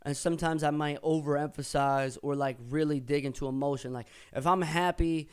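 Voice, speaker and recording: A man's voice: a little high, steady tone, brisk, clean tone. A man explaining his own rap lyrics in a casual, profane way, thinking aloud and correcting himself as he goes. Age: older than he was. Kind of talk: casual explanation with rapped excerpts.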